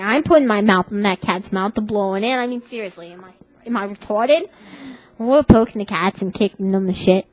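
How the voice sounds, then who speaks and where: A woman's voice: fairly high pitch, no echo, poor audio. A young woman with a Brooklyn accent rambling through a comic story in a slangy, tough-talking manner. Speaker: comedic vlogger. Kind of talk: comedic character monologue.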